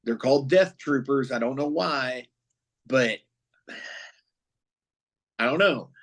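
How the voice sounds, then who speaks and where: A man co-hosting a podcast, chatting casually with a profane, excitable fan's rambling. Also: medium pitch, takes it slowly. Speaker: podcast co-host. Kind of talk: casual chat.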